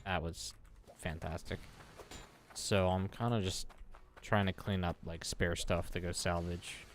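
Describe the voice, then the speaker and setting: A man's voice: low-pitched, fairly even intonation, unhurried, a little hiss or hum. A man, chatting and joking while streaming a game. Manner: joking, laughs often. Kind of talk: casual gaming chat.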